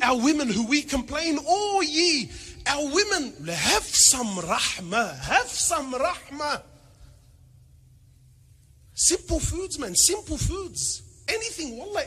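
A man preaching a sermon, animated and joking, firing rhetorical questions and mixing in Arabic phrases. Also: very high voice, unhurried, a little hiss or hum. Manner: peppers speech with Arabic phrases. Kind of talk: sermon to a congregation.

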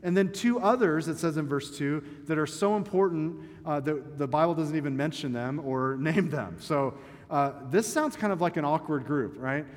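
A man's voice: a little high, lively intonation, moderate pace. A man preaching a sermon to a congregation in a conversational, joking way. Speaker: pastor. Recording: long hall reverb.

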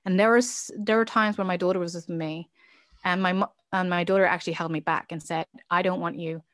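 A woman's voice: lowish voice, fairly even intonation, a little fast, a bit bright, no room sound. Earnest woman telling personal stories. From Chinese heritage. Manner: earnest, reflective, many fillers and restarts. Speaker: interview guest, business founder. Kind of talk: candid personal interview.

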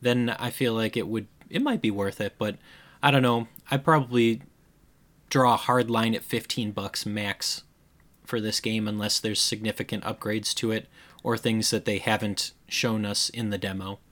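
A man's voice: on the low side, steady tone, moderate pace, a bit bright. A man with a Midwestern American accent co-hosting a casual gaming podcast, teasing his co-host and firing off pointed questions.

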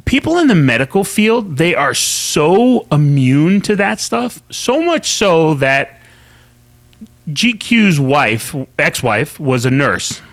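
Teasing man with a lively voice. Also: fairly high pitch, slow, no echo. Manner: joking, teasing. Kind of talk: casual chat.

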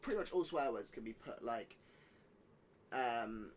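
A young man co-hosting a podcast in casual chat, eager and quick to banter. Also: medium pitch, animated, a little hiss or hum. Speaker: podcast co-host.

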